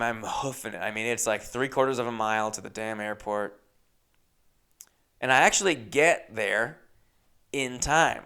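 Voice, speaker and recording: Young guy on a podcast ranting through a travel story, smooth clear voice, mid pitch, cusses a lot. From Los Angeles. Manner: animated, acts out other people's lines, swears freely. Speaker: podcast host. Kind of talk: casual storytelling monologue.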